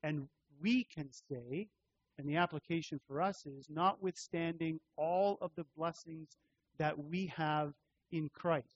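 A man preaching a sermon as pastor, teaching through a scripture passage in a measured way and repeating key phrases for emphasis. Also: on the high side, steady tone, lo-fi sound.

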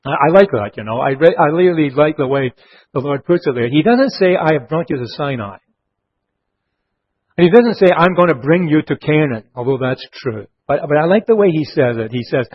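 Husky-voiced preacher, slowing on key phrases. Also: male voice, expressive. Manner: earnest, slows down and drops low on key phrases. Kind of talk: expository sermon. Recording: muffled lo-fi sermon recording.

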